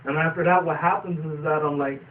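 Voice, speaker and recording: A man's voice: fairly high pitch, fairly even intonation, a little fast. A young man casually reviewing a cartoon episode, rambling with fillers and casual swearing. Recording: distant tinny phone-like sound, faint noise.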